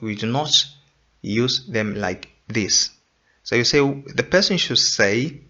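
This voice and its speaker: A man's voice: medium pitch, bright, forceful tone. A man teaching an English grammar lesson, repeating points and quizzing the listener. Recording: dull lo-fi recording.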